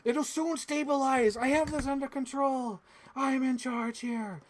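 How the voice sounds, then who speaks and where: A man putting on the voice of a grandiose mad scientist villain, pushed high and loud. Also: steady tone, measured pace, slight background noise.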